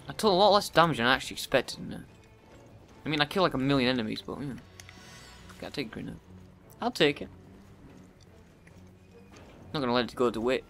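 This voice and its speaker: A man giving profane let's play commentary, often yelling at the game in frustration. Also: medium pitch, quick pace, pauses often, faint music behind. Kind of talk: gameplay commentary.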